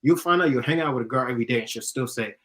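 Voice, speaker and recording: A young man chatting casually, giving dating advice, who talks fast and giggles and laughs often. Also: medium pitch, fairly bright tone, slight background noise, rough recording. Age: young adult. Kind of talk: casual chat.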